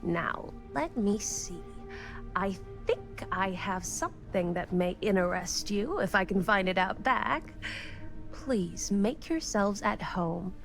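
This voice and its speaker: An actress playing a gracious old woman shopkeeper in a video game, speaking slowly and welcomingly. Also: mid-range voice, animated, gravelly, soft background music. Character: creaky old woman curiosity-shop keeper, genteel.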